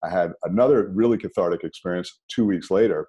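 Man, deep voice, warm mellow tone, animated storytelling, podcast guest. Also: a little fast, slightly rough. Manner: animated, rises sharply when emphatic. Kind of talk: conversational storytelling.

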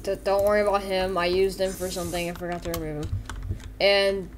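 A woman chats through her gameplay at a desk mic, rambling and jokey, often rushing her asides. Faint keyboard typing is heard behind her voice. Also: on the low side, level tone, slight background noise. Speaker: gameplay video creator. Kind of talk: casual game roleplay commentary.

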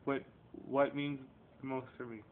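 This casual vlog rant comes from a man in his 30s addressing the camera directly, his mid-range voice flat and moderately paced as he rambles, swears, and veers between confrontation and feeling. The webcam audio is tinny and lo-fi with faint noise.

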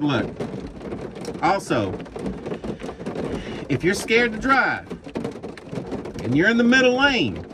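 A man who drives a truck, ranting loudly and with plenty of profanity in a vlog recorded while driving. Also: medium pitch. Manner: heated, profane, animated ranting. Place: truck cab on the road. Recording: noisy truck cab.

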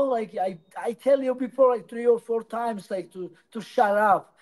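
Man with halting English. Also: high-pitched, poor audio. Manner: halting, non-native English with many restarts. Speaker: interviewee, professional fighter. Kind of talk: casual interview answers.

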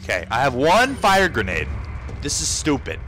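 Here a medium-pitched male voice swoops wildly in pitch at a normal pace, with a little hiss or hum underneath. He's a young gameplay commentator, frantic and foul-mouthed, letting out yelps, shouts and curses throughout his let's-play.

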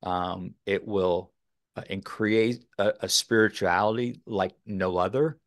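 A man's voice: sits low, fairly even intonation, measured pace, no room sound, clean studio sound. A man from Texas, a podcast guest, talking earnestly in a rambling way with many fillers. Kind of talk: casual interview talk.

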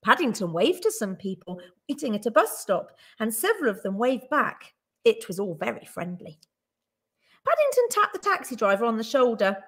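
Woman teacher reading a children's story aloud, expressive, higher voice with an animated melody. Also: moderate pace, breathy edge.

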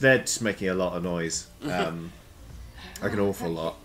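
A man's voice: sits low, normal speed, a bit bright. A man running a tabletop game as dungeon master, rambling with many ums and restarts.

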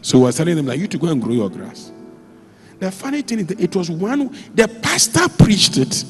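A man preaching a sermon as a pastor, telling stories with sudden jumps in pitch and loudness. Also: a little fast, long reverb tail, faint music behind. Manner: animated storytelling, with sudden jumps in pitch and volume. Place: church.

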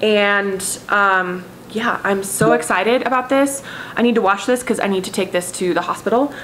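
A woman's voice: medium pitch, normal speed, fairly bright tone, a little hiss or hum, poor audio. Chatty pregnant woman vlogging. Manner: chatty, rambling, frequent "I was like" asides. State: heavily pregnant, has hiccups. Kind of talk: casual chat to camera.

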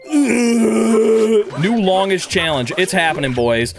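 A young man giving loud, jokey gameplay commentary, yelping and shouting at his mistakes and talking to his chat. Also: high-pitched, normal speed, background noise. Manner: loud, excitable, frequent yelps and shouts; jokey, crude, talks to chat. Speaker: gaming YouTuber.

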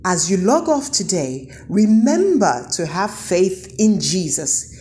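A woman's voice: on the low side, sing-song, takes it slowly, a little mellow. A woman giving a children's church lesson, asking the kids questions and answering them. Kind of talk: children's sermon.

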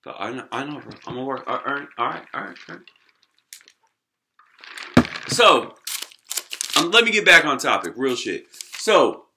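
A man vlogging a profane sports rant to camera, full of slang and swearing, swinging from shouting to low muttering. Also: big pitch swings, normal speed, pauses often, background noise. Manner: heavy swearing, streetwise slang.

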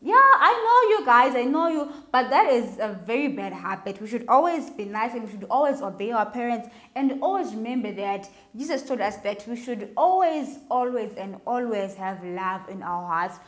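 A woman leads a children's sermon. Her somewhat high voice swings up and down in an animated, sing-song way as she talks directly to the boys and girls. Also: normal speed, hardly any pauses. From Zimbabwe. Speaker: children's Sabbath speaker.

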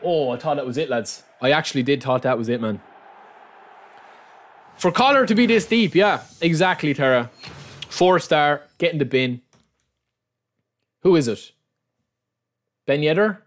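This Irish gaming YouTuber opens card packs on stream a little slowly, leaving long pauses. His fairly high voice swings widely in pitch, and in his excitable way he keeps calling his viewers lads and repeating himself.

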